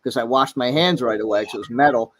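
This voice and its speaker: Halting middle-aged man, casual chat. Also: mid-range voice. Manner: halting, many fillers and restarts. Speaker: podcast guest.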